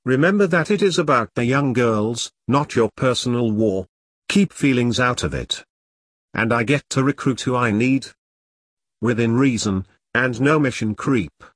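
A man voicing a calm, affluent middle-aged male handler who speaks gently and in a measured way, in an audiobook. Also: mid-range voice, no room sound, studio quality, lightly acted. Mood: gentle.

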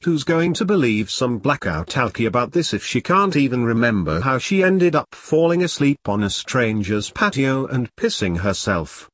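A man's voice: mid-range voice, sing-song, normal speed, hardly any pauses, fairly bright tone, dry recording. A man voicing a pompous, furious leader of a secret order who barks insults. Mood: raging. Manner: ranting, barking insults.

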